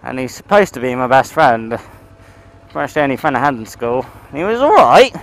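Sweary biker rambling on a ride. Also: male voice, mid-range voice, normal speed, vocal fry, rough recording. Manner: rambling, sweary, talks to himself and his bike. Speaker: motovlogger. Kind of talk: casual motovlog chat while riding. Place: outdoors on a motorcycle in town.

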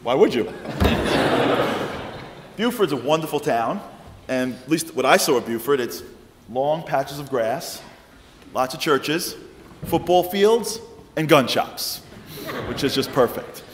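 A man telling a story at a lecture, animated and playful, his pitch swinging widely. His voice carries through a large hall with a long, roomy reverb. Faint noise hums underneath. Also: slow, long pauses. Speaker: guest lecturer.

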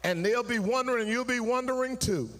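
Preaching pastor. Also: male voice, very high voice, fairly quick. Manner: preaching with call and response, rising to sung, shouted peaks. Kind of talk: sermon. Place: church sanctuary. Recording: live in a church hall, long reverb.

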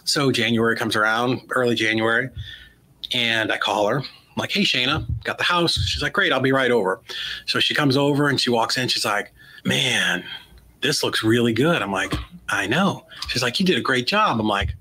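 A man's voice: mid-range voice, moderate pace, poor audio. A man in his forties, a guest in an interview, telling a story and acting out the lines of the people in it. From United States. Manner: animated storyteller acting out quoted dialogue. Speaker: guest, real estate investor.

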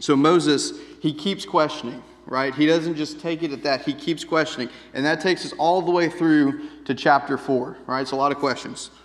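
A man's voice: fairly high pitch, steady tone, moderate pace, hardly any pauses. A man preaching a sermon in a casual, conversational way, often checking in with "right?". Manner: conversational, keeps asking "right?". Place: church sanctuary. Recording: long reverb of a church hall.

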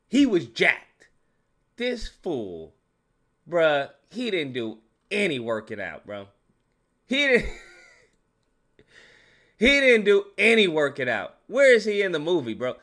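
A man casually reviewing a movie in an animated rant, slangy and repetitive, calling the listener "bro". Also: fairly high pitch. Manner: animated, slangy, repeats himself, frequent "bro".

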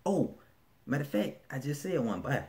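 A man's voice: mid-range voice, big pitch swings, normal speed, dark tone. A man with a Birmingham, Alabama accent chatting casually in a vlog, laid-back and slangy, often restarting his sentences. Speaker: vlogger.

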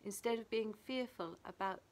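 A woman from England giving a gentle, reflective daily devotional, reading a passage and a prayer and adding her own thoughts. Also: medium pitch, moderate pace, a little hiss or hum. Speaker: church devotional leader. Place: small garden playhouse. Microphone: camera video.

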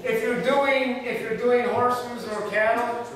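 A middle-aged man lectures a class in a folksy, colloquial manner, his voice pitched fairly high. He sounds far from the microphone, and the room rings with a long, echoing reverb. A faint hiss sits under the recording. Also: slow, a crowd in the background. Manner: folksy, animated storytelling, colloquial. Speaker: veterinary technology professor. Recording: echoey hall, voice from far off, faint noise.

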